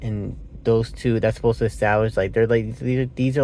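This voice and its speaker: A man's voice: mid-range voice, flat delivery, brisk, warm tone, slight background noise. A man giving a casual, rambling movie review, meandering with fillers and self-corrections, sounding sleepy. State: sleepy, yawning.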